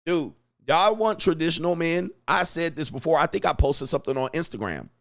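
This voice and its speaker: A man hosting a commentary vlog, talking in a profane, animated way and acting out quotes. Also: on the high side, a little fast. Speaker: host.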